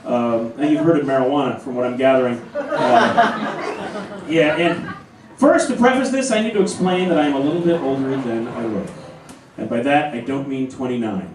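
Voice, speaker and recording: A man in his forties performing a stand-up comedy set in a club, telling stories with animated acted-out voices. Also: mid-range voice, normal speed, background noise. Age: 40s. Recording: roomy club sound from a far camera. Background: audience laughter.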